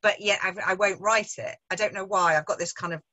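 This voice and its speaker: An English woman with a Midlands accent, a writer chatting casually about her craft, self-deprecating and quick to laugh. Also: mid-range voice, fairly even intonation, sharp tone, lo-fi sound. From England. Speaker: author in conversation. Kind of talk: casual literary discussion.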